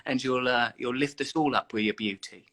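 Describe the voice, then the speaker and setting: Bright-voiced man, playful and teasing. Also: mid-range voice, brisk. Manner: playful, teasing, then soothing and encouraging. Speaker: host of an Instagram live chat. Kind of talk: casual live-stream chat.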